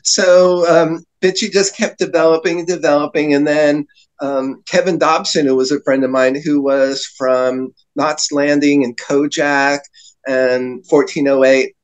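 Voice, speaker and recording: A man's voice: a little high, fairly even intonation, a little slow, clean tone, poor audio. A man telling long rambling anecdotes as a podcast guest, with frequent fillers and laughter. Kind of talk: storytelling in casual chat.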